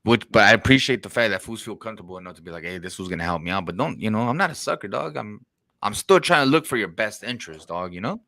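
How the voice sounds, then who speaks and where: A man's voice: lowish voice, expressive, quick pace, vocal fry, pushed and bright, no echo. A man hosting a podcast in casual chat, telling stories in slang and swearing, and acting out quotes. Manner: slangy, profane storytelling with acted-out quotes. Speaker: podcast host.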